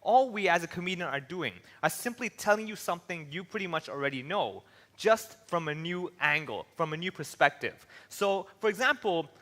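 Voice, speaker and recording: A man from Hong Kong, a comedian giving an animated stand-up style talk on stage with a handheld mic, acting out little voices as he tells stories. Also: high voice, moderate pace. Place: large hall with an audience. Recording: long hall reverb.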